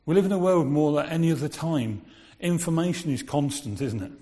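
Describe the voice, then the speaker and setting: A man's voice: on the high side, expressive, brisk, mellow. Guy preaching, chatty, lots of rhetorical questions, big echoey hall. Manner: conversational, asks the listeners rhetorical questions. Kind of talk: sermon. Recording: long reverb of a large hall.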